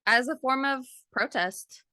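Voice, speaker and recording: A woman with a bright, crisp, fairly high voice on a movie review podcast. She speaks bluntly, swears casually and acts out scenes with energy, recorded dry and close. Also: a little slow, no room sound. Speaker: podcast co-host.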